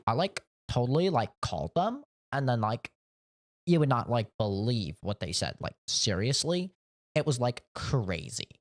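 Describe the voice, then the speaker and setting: A man's voice: on the low side, very animated, very slow, a bit bright, full character voice. A man putting on the voice of a ditzy young valley girl, airy and full of "like". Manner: airy with constant "like".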